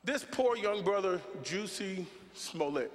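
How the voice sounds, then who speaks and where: A man giving an impassioned political speech at a forum, in a preaching cadence that builds to shouts. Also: high voice, animated, takes it slowly. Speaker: speaker at a Saturday forum. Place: large hall with a choir. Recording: long hall reverb from the PA.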